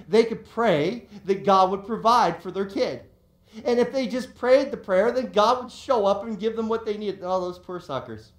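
A man preaching a sermon as pastor, telling a story in a chatty way with many repeated words and restarts. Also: high-pitched. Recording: echoey room.

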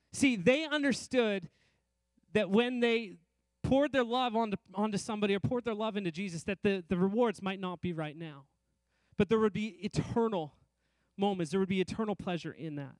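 High-voiced man preaching a sermon. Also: no echo. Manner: varies emphasis, rising and slowing on key phrases; repetitive, rhythmic preaching. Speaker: pastor.

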